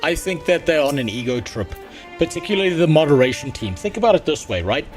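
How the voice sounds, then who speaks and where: Male streamer, blunt profane rants, voice a bit higher than most men, faint game music underneath. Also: very animated, fast talker. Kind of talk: casual livestream gameplay chat.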